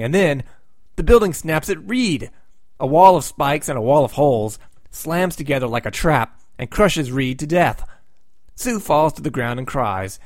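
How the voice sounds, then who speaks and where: Sarcastic man host recapping comic plots, animated pitch, dry close sound. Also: no room sound. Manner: sarcastic, with wry asides. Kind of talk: comic book plot recap.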